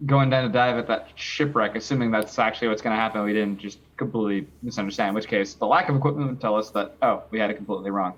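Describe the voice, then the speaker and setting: Male player, level and deliberate. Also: fairly low pitch, highs cut off. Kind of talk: tabletop role-play chat.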